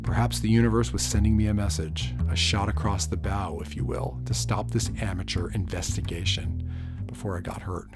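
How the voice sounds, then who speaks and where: Low-voiced male noir audiobook narrator. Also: steady tone, moderate pace, breathy edge, faint music behind.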